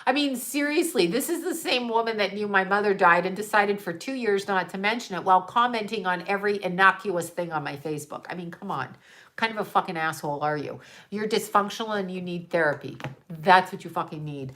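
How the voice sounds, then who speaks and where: A woman's voice: medium pitch, a little fast, a bit bright. A woman livestreaming a rambling casual monologue to her viewers, exasperated and profane, trailing off into rhetorical questions and laughing in disbelief. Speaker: livestream host talking to viewers.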